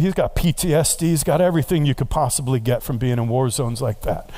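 A man preaching, a pastor telling a story in a relaxed, conversational way and building to earnest prayer. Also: mid-range voice, quick pace. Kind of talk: sermon.

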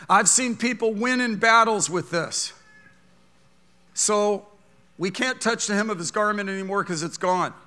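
High, bright-voiced pastor preaching. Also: male voice. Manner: impassioned preaching, swings from hushed to loud. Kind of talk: sermon.

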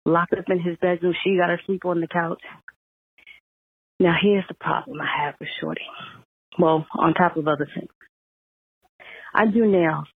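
A woman's voice: lowish voice, steady tone, normal speed, pauses often, slightly rough. A woman from New York with a strong New York accent leaving a caller voicemail, ranting angrily and cursing freely. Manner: angry profane rant. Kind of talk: venting voicemail. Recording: tinny phone voicemail.

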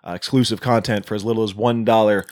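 A man co-hosting a podcast in casual chat, answering with short, dry, deadpan quips. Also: on the low side, quick pace, dry recording. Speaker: podcast co-host.

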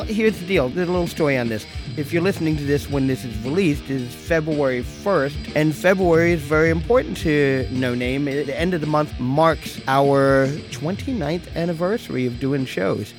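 A middle-aged man hosting a solo podcast, telling a story in a wry, deadpan way with mock exasperation. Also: medium pitch. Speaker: podcast host.

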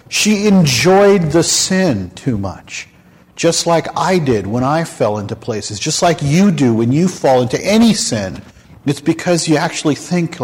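A man hosting a candid faith talk show, speaking in a frank, animated storytelling manner. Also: a little high, husky. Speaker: host. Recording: long hall reverb.

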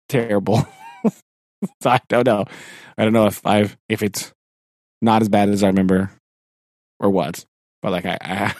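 A man co-hosting a podcast who chats about movies, lively and quick to laugh, with mock-dramatic complaints. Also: fairly low pitch, dry recording, clean studio sound. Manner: animated, laughs often, exaggerated complaints. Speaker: podcast co-host. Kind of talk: casual movie chat.

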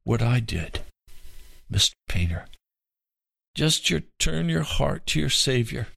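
Man doing earnest pastor, gentle pleading, slow, low gravelly voice. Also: very animated, no room sound, full character voice.

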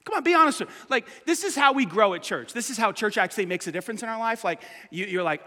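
A man preaching a sermon as pastor in a church, casual and conversational, swinging from loud urging to hushed, quiet asides. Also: high-pitched, lively intonation, fast talker, hardly any pauses. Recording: long hall reverb.

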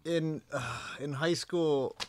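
A man's voice: fairly high pitch, takes it slowly, no room sound. A man co-hosting a podcast, chatting casually and riffing on absurd jokes. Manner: jokey, riffs on absurd scenarios. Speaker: podcast co-host. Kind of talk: casual chat recapping a sitcom.

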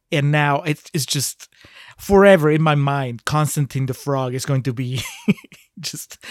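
A man's voice: medium pitch, no echo, clean studio sound. A man co-hosting a casual movie podcast, critical and chatty, often laughing as he talks. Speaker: podcast co-host.

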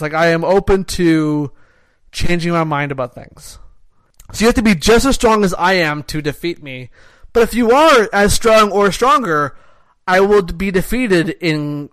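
A Canadian man co-hosting a podcast talks in a loose, rambling way full of restarts, self-interruptions and frequent "like." His voice sits high with a fairly bright tone, in a dry recording.

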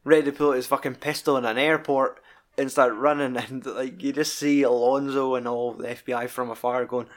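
A man's voice: mid-range voice, a little fast. Swearing man chatting about films. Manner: rambling, heavy swearing, laughs while recalling scenes. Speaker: podcast co-host. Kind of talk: casual film review chat.

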